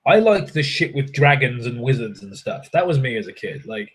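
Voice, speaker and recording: Husky man chatting casually. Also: medium pitch, big pitch swings, normal speed, poor audio. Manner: rambling, swears freely, self-mocking. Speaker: livestream host answering chat. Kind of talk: casual chat. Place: hotel room.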